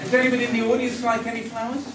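A man's voice: very high-pitched, completely flat delivery, rapid-fire. A man on a school stage thanking the audience after a play, chatty, self-mocking and laughing often. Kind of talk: joking stage thank-you speech. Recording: echoey hall, mic far off, loud crowd and noise.

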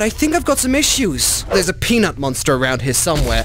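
High, animated man gaming. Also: fairly quick, hardly any pauses, a little hiss or hum. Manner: chatty, swearing, panicky shrieks; talks to monsters in a mock bro voice. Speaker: gaming YouTuber. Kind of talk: comedic VR horror let's play.

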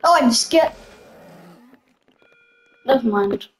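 A young woman playing a video game with excitable live commentary, giggling and shouting out reactions. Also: a little high, takes it slowly. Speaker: gamer. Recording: noisy game sounds with gunfire behind.

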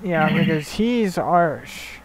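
A man's voice: fairly high pitch, lively intonation, slow pace, crowd noise, low-quality recording. A young man chatting casually while playing a game, laughing often and swearing, jokey. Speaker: let's play player. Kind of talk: casual gaming commentary.

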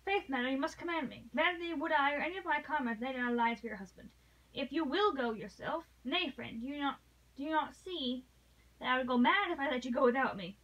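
A woman voicing an earnest, loyal young English gentleman in formal period speech, read aloud from a novel. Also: sits high, fairly quick, distant mic, muffled recording.

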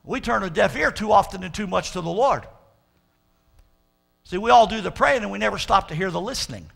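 A man's voice: sits high, expressive, brisk, vocal fry, a bit bright. A male pastor preaching a fervent sermon, stretching out his quotes of scripture for emphasis.

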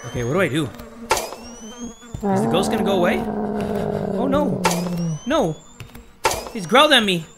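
A man giving jumpy, joking let's-play commentary on a horror game, often breaking into loud screams. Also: fairly high pitch, background noise. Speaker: gaming YouTuber.

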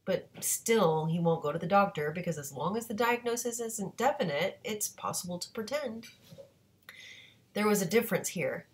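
A woman reading a novel aloud at a steady pace, now and then stopping to correct a slip. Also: medium pitch, moderate pace. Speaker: audiobook reader.

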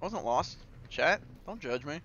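A man streaming a game and commenting live, excitable and profane, playfully taunting enemies and talking to his chat. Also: a little high, a little slow, lo-fi sound, a little hiss or hum.

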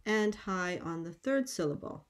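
A middle-aged woman lecturing on linguistics at an academic conference, explaining at a measured pace and often pausing on "um". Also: fairly low pitch, animated, smooth. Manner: measured, explanatory, with frequent ums.

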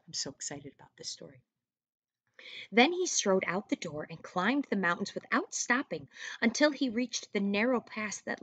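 A woman teacher reads a story aloud to first graders, expressive and dropping to whispers, pausing to ask the children questions. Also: mid-range voice, no room sound.

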